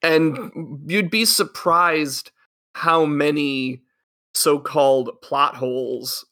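A man's voice: a little high, drawn-out words, sharp tone. A man co-hosting a casual podcast, giving chatty advice filled with "you know" and "like". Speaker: podcast co-host.

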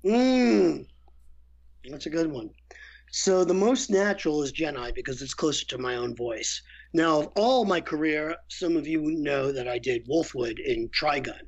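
A man guesting as a voice actor, chatting casually and telling candid, animated stories about his work. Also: fairly high pitch, a little slow. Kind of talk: casual interview chat. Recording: lo-fi muffled audio.

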